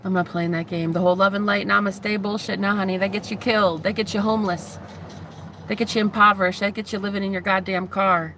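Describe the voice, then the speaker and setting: A woman's voice: mid-range voice, level tone, fast talker, bright, forceful tone, a little hiss or hum. A woman in her thirties, a spiritual vlogger, giving a heated, profane, taunting rant to the camera. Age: 30s.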